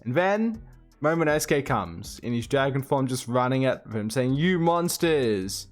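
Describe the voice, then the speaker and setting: A man talks through a manga chapter in an easygoing monologue, his voice sitting at an ordinary middle pitch. He recaps scene by scene with plenty of fillers and quick quotes. Soft music runs faintly underneath. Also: animated. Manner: loose recap with fillers, quoting characters in passing. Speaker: manga reviewer. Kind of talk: casual chapter review monologue.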